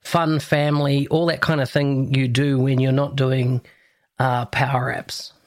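A man with a New Zealand accent hosting a podcast interview, chatting in a relaxed, rambling way. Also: mid-range voice, measured pace. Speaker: podcast host. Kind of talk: casual interview chat.

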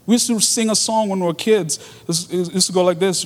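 A man's voice: high voice, fairly quick, hardly any pauses. A man preaching a sermon in an earnest way, repeating his key phrases for emphasis. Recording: long hall reverb.

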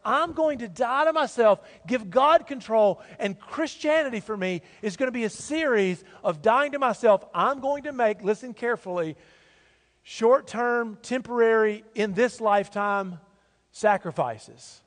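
A pastor preaching to his church in a relaxed, folksy, conversational way. His voice sits notably high for a man. The sound carries a long, ringing reverb from the church hall. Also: unhurried. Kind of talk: sermon. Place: church sanctuary.

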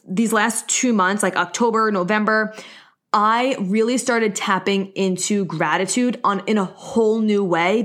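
A young woman hosting a solo podcast, talking casually and openly, peppering her sentences with "like" as she gives earnest, encouraging advice. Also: mid-range voice. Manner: chatty, open, leans heavily on "like". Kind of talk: casual personal monologue.

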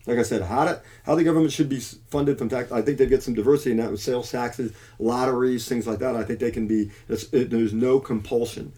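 A man with a dark, mellow voice preaches in an emphatic monologue. He often breaks off and restarts his sentences, then slows down to press his points home. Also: medium pitch, steady tone. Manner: emphatic, restarts and self-corrections. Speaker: Christian commentator.

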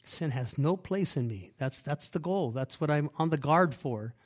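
A man preaching a sermon, reading scripture aloud and explaining it with emphatic repeated phrases, loud stresses and quiet asides. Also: fairly high pitch, lively intonation, moderate pace. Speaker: pastor.

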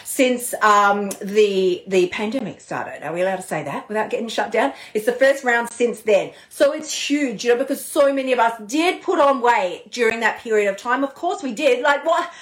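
A woman hosts a live coaching talk, animated and playful, dropping casual swears. Her voice sits slightly high. The sound bounces around an echoey room. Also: moderate pace, few pauses. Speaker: podcast host and diet coach.

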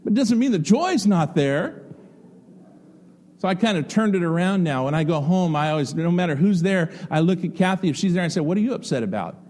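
Man, middle-aged pastor, folksy sermon, high voice, mellow tone, rhetorical questions. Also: animated, brisk.

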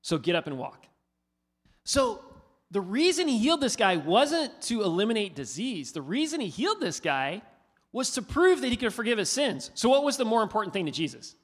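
A man preaching a sermon, asking his listeners questions in an animated, conversational way. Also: high-pitched, brisk, breathy edge. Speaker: pastor. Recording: hall reverb.

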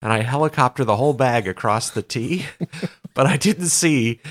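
A man co-hosting a podcast as a caddie, telling stories in an animated way and laughing often. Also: mid-range voice, moderate pace, dry recording. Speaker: golf caddie, podcast co-host. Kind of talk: casual chat.

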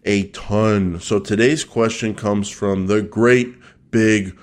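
A man's voice: lowish voice, fairly even intonation, takes it slowly. A man hosting a podcast in casual chat, teasing his co-host and joking around. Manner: joking, teasing, loose and chatty.

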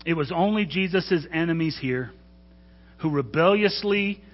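Earnest preacher in an echoing hall. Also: male voice, a little high, unhurried. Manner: earnest, urging, stumbles and corrects himself. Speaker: pastor. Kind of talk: sermon. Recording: dull sound with long hall reverb.

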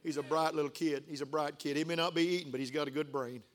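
An older male pastor preaching a sermon, emotional and building to excited outbursts. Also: a little high, fast.

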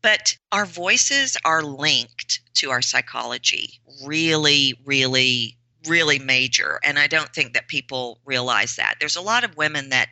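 A woman's voice: a bass voice, expressive, unhurried, hardly any pauses, bright, forceful tone, dry recording, poor audio. A woman voice coach answering podcast interview questions, emphatic and repeating words for stress. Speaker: voice and presentation coach.

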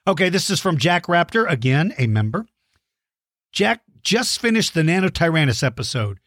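A man's voice: on the high side, sing-song, moderate pace, fairly bright tone, no echo, studio quality. A middle-aged man hosting a children's dinosaur show, enthusiastic and encouraging, explaining things simply. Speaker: host answering kids' dinosaur questions. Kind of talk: friendly kids' show chat.

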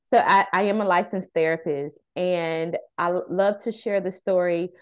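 A woman's voice: lowish voice, normal speed, dull audio. Earnest woman telling a personal story. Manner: earnest, animated storyteller acting out quoted dialogue. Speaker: guest, youth center founder and licensed therapist. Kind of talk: interview storytelling.

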